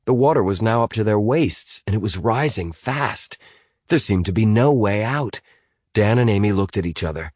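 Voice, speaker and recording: A man narrating a thriller audiobook in a fairly low voice that rises and falls a great deal. He reads with dramatic expression on a close mic. The recording is dry, with no room sound. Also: expressive, normal speed, darkish tone, dry recording.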